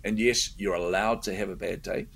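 Middle-aged man, low gravelly voice, animated storyteller, laughs a lot, faint background hiss. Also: normal speed. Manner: animated storyteller, laughs often, repeats words. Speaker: guest entrepreneur. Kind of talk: casual interview chat.

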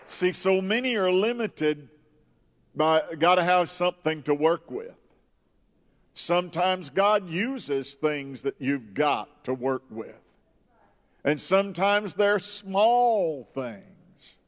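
A man preaching a sermon, slow and emphatic, rising high when stirred. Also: expressive. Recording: long hall reverb.

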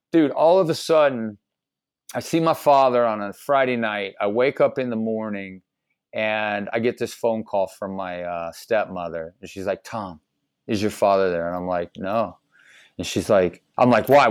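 A man's voice: on the low side, no room sound. A middle-aged man from Ohio, a guest telling his life story in a loose, slangy way, full of "like" and "dude". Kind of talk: casual storytelling.

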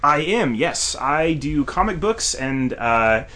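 A man's voice: a little high, big pitch swings, takes it slowly, bright, forceful tone. A man who is a guest on a podcast, in casual chat, making blunt, joking complaints.

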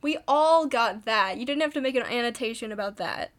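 Woman cohost, kinda high voice, giggles a lot, rambles with lots of ums. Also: expressive, a little fast, a bit bright. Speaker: podcast co-host. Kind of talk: casual chat.

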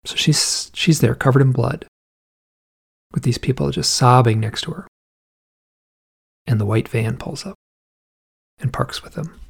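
A man tells a story in a casual, rambling, animated way, full of vivid detail. His voice is gravelly with a husky edge, and he often stops to restart his sentences. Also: mid-range voice.

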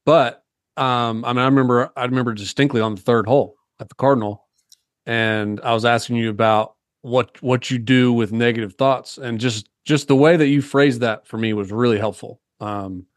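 A man in casual conversation as a podcast guest who speaks earnestly and haltingly, restarting his sentences. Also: mid-range voice, steady tone, dry recording, studio quality.

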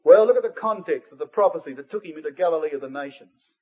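A man preaching a Bible study sermon to his congregation, earnest and emphatic, rising to forceful peaks and dropping to hushed asides. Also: fairly high pitch, animated, fast talker, slightly rough. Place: church hall. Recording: tinny lo-fi phone-like line.

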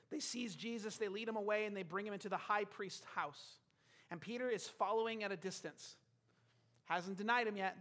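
High-voiced man preaching a sermon. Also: fairly bright tone. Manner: storytelling, acting out characters' lines.

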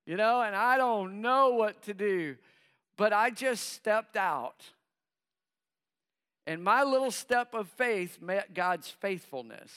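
A middle-aged man preaching in a high, bright voice that rings clear and smooth. He takes his time, speaking slowly and acting out the doubts of nervous believers between calls to the congregation. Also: animated. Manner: preaching with call-and-response asides. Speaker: pastor. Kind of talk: sermon.

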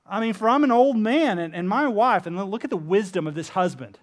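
High-voiced pastor preaching casually. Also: male voice, a little fast. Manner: casual, animated preaching with many fillers; acts out quoted speakers with shifts in voice. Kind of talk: sermon.

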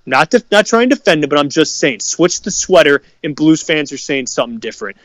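A man's voice: on the high side, sing-song, fairly quick, no echo. A man co-hosting a sports podcast, ranting heatedly and swearing constantly about fans who complain. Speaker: podcast co-host. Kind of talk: profane sports rant.

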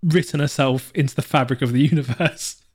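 A man's voice: mid-range voice, a little fast, husky. Guy on a podcast, rambly, laughs a lot, keeps restarting words. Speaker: podcast co-host. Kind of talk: casual chat.

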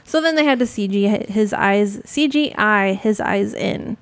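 A woman co-hosting a casual movie podcast, telling stories with a giggly, playful manner. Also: medium pitch. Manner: giggly, storytelling with quick acted asides. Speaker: podcast co-host.

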